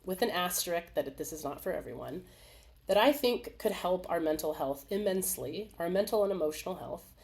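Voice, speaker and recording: A woman with a fairly low voice hosts a casual live webinar over a video call. She talks in an animated, chatty way, laughing often and slipping into little acted-out voices. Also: a little fast, creaky. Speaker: webinar host.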